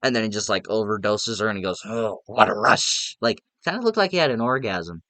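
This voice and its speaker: A man's voice: lowish voice, big pitch swings, fast talker, fairly bright tone, dry recording. A young man giving a casual, rambling film review, enthusiastic and full of restarts. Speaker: movie reviewer.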